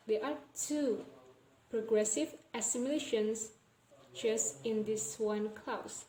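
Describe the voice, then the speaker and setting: A young woman with an Indonesian accent giving a recorded class presentation on phonology, repeating example words slowly to show how they sound. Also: on the high side, warm tone, reverberant, rough recording. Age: young adult. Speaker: student presenter.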